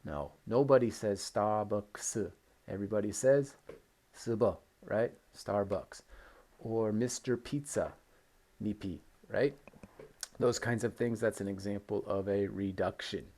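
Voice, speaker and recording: Young male teacher, patient drill style, lowish mellow tone. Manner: patient, repeats phrases slowly for learners. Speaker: English teacher. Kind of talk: recorded classroom lesson.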